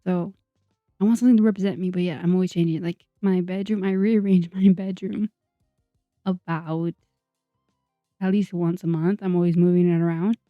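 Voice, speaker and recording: A woman's voice: lowish voice, steady tone, moderate pace, long pauses, no echo. Rambling young woman YouTuber. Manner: rambling, self-deprecating, frequent fillers and laughs. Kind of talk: casual chatty voice-over. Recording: dull, dry sound under soft music.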